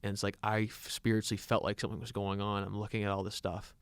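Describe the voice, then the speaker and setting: A young man co-hosting a podcast, telling a personal story in an earnest, halting way with many restarts. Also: fairly low pitch, monotone, vocal fry, smooth, no room sound, clean studio sound. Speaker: podcast co-host. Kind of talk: personal storytelling in casual chat.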